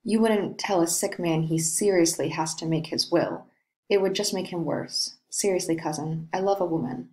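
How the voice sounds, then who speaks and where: A woman reading the part of a brooding, lovesick young nobleman in a play, in a slow, dreamy way. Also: on the low side, a little mellow, lightly acted, rough recording.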